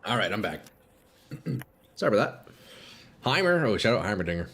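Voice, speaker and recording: A man streaming a game live, chatting casually with viewers, excitable and swearing, sniffling from a runny nose. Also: on the low side, moderate pace, slightly rough. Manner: excitable, swears, calls chat "bro" and "dude". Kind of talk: casual live gameplay chat.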